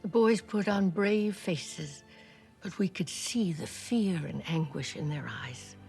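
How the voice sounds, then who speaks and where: An actress playing an elderly woman who served as a nurse in a great war, recalling it softly and reflectively, sometimes dropping to a whisper. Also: fairly low pitch, expressive, slow pace, faint music behind. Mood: moved. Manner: soft, reflective, drops to a whisper at times. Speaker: former wartime nurse recalling her past. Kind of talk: first-person docudrama narration.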